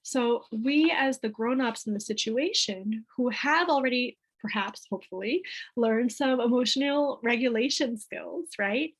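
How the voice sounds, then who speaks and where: A woman's voice: fairly high pitch, unhurried, rough recording. Chatty woman leading a parent workshop. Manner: chatty, keeps asking "right?". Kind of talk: teaching a parent group.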